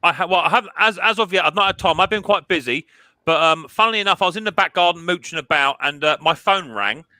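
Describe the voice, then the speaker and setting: A man's voice: sits high, fast, pushed and bright, no echo, poor audio. A middle-aged man hosting a casual live stream chat, chatty and often stumbling over repeated words.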